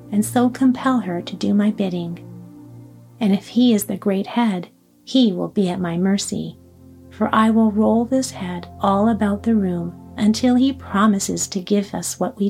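A cowardly lion boasts brashly of what he will do, as a woman narrator voices him. The tone stays mellow and low-key. It is a storybook read aloud. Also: moderate pace, vocal fry, slightly rough, faint music behind. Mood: boastful.

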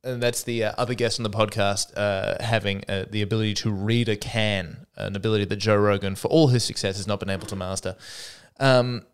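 A man's voice: lowish voice, steady tone, a little fast, clean tone. A man with an Australian accent, hosting a solo comedy podcast, rambling and self-deprecating with sarcastic asides.

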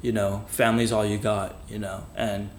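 A young man from the Philippines talks reflectively on a casual podcast, leaning on fillers. His voice sits low and stays flat. The room echoes around him, with light noise underneath. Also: moderate pace. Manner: earnest, reflective, many fillers. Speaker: podcast co-host. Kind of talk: casual chat. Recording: roomy echo, light noise.

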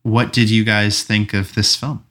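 A man with a low but bright, forceful voice, hosting a relaxed movie podcast. He talks with casual enthusiasm, laughs easily and drops the odd swear word. His tone stays conversational and loose. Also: unhurried. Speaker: podcast host. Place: room recorded together in person.

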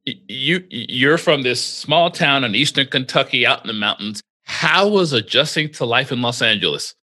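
A man hosts a podcast in an easygoing, chatty way. His voice is bright and forward, at a middle pitch. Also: lively intonation, moderate pace. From New Jersey. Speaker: podcast host. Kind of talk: casual interview chat.

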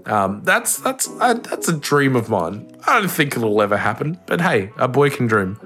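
A young Australian man chatting on a podcast with a lively, swinging pitch. He jokes around and swears freely, recorded on a home mic with faint music underneath. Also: moderate pace. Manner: playful, jokey, swearing freely. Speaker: podcast co-host. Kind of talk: casual chat. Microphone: home podcast mic over a call.

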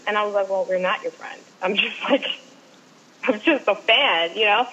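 A woman guest telling an excited fan story, acting out what people said, in casual chat. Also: mid-range voice, normal speed, dull audio.

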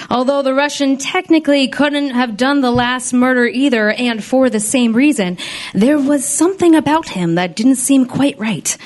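A woman narrating as a hardboiled, wisecracking female detective in a comedy radio play, deadpan and full of puns. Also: fairly high pitch, close to an everyday voice.

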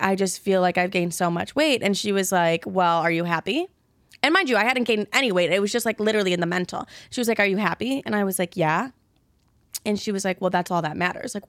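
A woman in her twenties hosts a podcast, answering listener questions in a casual, candid chat. Her mid-range voice is recorded dry at studio quality, and she's blunt and rambling, swearing freely and talking to herself with loud asides.

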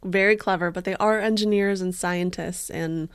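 A woman's voice: lowish voice, fairly even intonation, moderate pace, smooth, no room sound. Woman co-host, playful joker, casual swearing, dry close sound. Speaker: podcast co-host. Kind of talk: casual chat.

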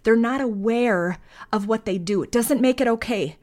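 A woman's voice: fairly high pitch, moderate pace, a little mellow. A woman hosting a faith podcast. She speaks in an earnest, heartfelt, conversational way, reads scripture aloud and prays. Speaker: podcast host.

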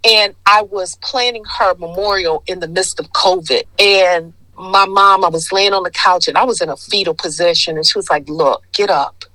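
A woman's voice: fairly low pitch, fairly even intonation, moderate pace, hardly any pauses, bright, forceful tone, no room sound, rough recording. A woman in her sixties from Detroit, telling her story as a guest in a casual interview and acting out the voices she quotes. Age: 60s. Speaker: guest, skincare founder.

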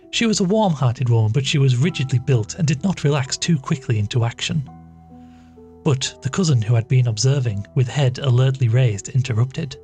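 A man reading a classic story aloud as storyteller, in a measured, steady manner. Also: mid-range voice. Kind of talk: scripted narration of a classic story. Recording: faint background music.

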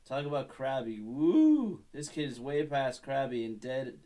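A man's voice: mid-range voice, steady tone, moderate pace, darkish tone. A man in his thirties reading his childhood story aloud, breaking off with wry, self-mocking asides. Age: 30s. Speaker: podcast host.

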